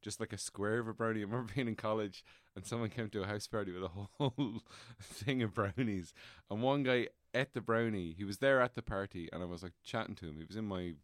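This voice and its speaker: A man's voice: fairly low pitch, fairly quick, hardly any pauses, no echo, clean studio sound. A man chatting casually on a podcast, telling rambling anecdotes broken up by laughter.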